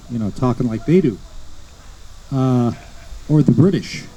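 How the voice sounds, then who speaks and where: A man's voice: mid-range voice, warm tone, husky, poor audio. A man from the United States giving a lecture to an audience at an outdoor history event, telling stories and listing names one by one with small asides. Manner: storytelling, lists names slowly, with asides. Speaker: guest speaker at a history event.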